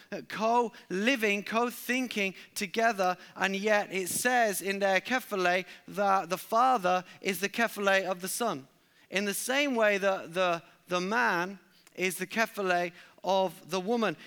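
A man's voice: high voice, sharp tone, smooth. A male preacher delivering a sermon, emphatic, and repeating key lines for stress.

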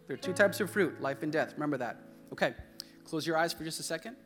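Young guy preaching in a church, voice on the high side, jokey and loose, bit of soft music behind. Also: expressive, fast talker. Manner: loose and joking, with restarts and fillers. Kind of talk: sermon with congregation call-and-response. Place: church hall.

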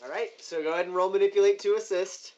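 A man's voice: high voice, fairly even intonation, fast talker, darkish tone, slight background noise. A man narrating as game master of a tabletop game, in loose speech full of "like" and "uh". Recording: dull lo-fi recording.

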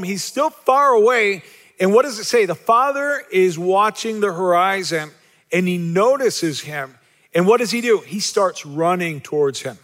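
Male pastor, high voice, emphatic and repetitive, light self-deprecating humor; long hall reverb. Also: fairly bright tone. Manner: rhetorical questions to the congregation, repetitive emphasis. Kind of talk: sermon.

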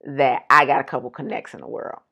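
A woman, co-hosting a casual chat and telling animated stories. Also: extremely low pitch, fairly quick, gravelly, slightly rough, lo-fi sound. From Detroit. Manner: animated storytelling, acts out quotes. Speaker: podcast co-host.

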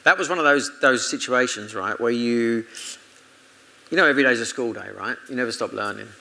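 A creaky, sharp medium-pitched voice, a little fast, belongs to a British ex-motorcycle racer chatting through anecdotes in an informal interview. He laughs along and quotes his own conversations, and the audio is poor.

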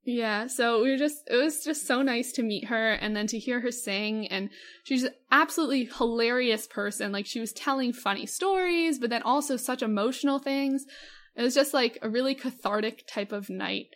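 A woman's voice: fairly high pitch, moderate pace, a bit bright. A young woman co-hosting a casual podcast, talking in a gushing, enthusiastic way with lots of fillers. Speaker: podcast co-host. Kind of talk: casual chat.

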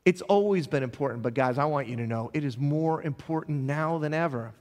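A middle-aged man, a pastor, preaching a sermon with passion, stumbling over repeated words and swinging between loud and soft. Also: a little high, brisk. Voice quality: impassioned, with dramatic swings in loudness and repeated words. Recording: long hall reverb.

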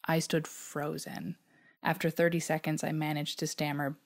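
A woman from Newfoundland reads aloud a personal reflection she wrote, her low, gravelly voice soft, measured and flat, at times dropping almost to a whisper.

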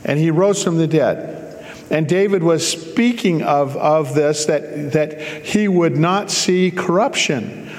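A man's voice: a little high, slow, long reverb tail. A man preaching a sermon, reading scripture aloud and breaking off for casual, joking asides to explain it.

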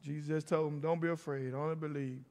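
A man's voice: a little high, fairly even intonation, quick pace, darkish tone. A middle-aged man preaching a sermon as a pastor, telling stories and calling out to the congregation. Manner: storytelling, calls out to the congregation. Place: church sanctuary. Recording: long hall reverb.

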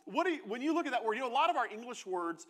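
A male pastor with a fairly high voice preaches in a relaxed, conversational way, stopping to quiz his congregation. His voice rings through a church sanctuary with a long reverb tail. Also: rapid-fire. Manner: conversational, asks the congregation questions. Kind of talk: sermon.

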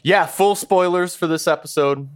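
A man's voice: high-pitched, normal speed. A man from Michigan co-hosting a casual podcast, blunt and profane, often laughing. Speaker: podcast co-host. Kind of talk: casual chat.

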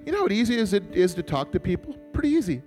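A man's voice: sits high, big pitch swings, rapid-fire, darkish tone, faint music behind. A male pastor from Montana telling a personal story in a sermon, chatty and joking, calling on the congregation to answer. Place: church.

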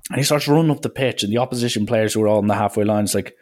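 Man, Irish accent, podcast host, casual storytelling, chatty, lots of "like", slightly low voice. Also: rapid-fire. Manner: chatty, animated, full of "like" and acted quotes.

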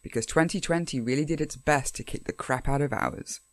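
A young woman co-hosting a podcast, chatting in a lively, self-deprecating way. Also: low voice, fairly quick. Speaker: podcast co-host. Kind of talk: casual podcast chat.

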